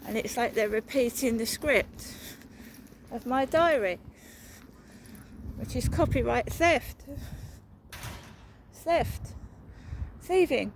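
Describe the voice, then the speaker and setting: A woman's voice: fairly high pitch, takes it slowly, pauses often, a little hiss or hum, rough recording. A woman narrating a walking vlog outdoors, talking in a rambling, repetitive, suspicious way. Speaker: vlogger. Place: outdoors, walking through a town.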